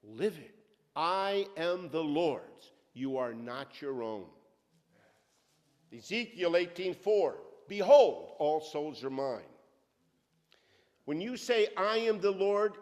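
A middle-aged male pastor preaching a sermon with fervent, emphatic delivery that swings from loud outbursts to quiet asides, in a church sanctuary. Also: a little high, animated, slow. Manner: fervent, emphatic preaching that rises and drops sharply. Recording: long reverb of a church hall.

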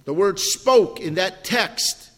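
High-voiced older man preaching in a hall. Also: lively intonation, takes it slowly, a bit bright. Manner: emphatic, repeats key words, asks the congregation questions. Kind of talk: sermon. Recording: long hall reverb.

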